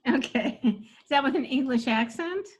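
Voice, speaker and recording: Animated woman coach who laughs often. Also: high-pitched, slightly rough. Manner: laughs often, reads jokes aloud, quick and animated. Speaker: comedy coach. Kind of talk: casual workshop chat.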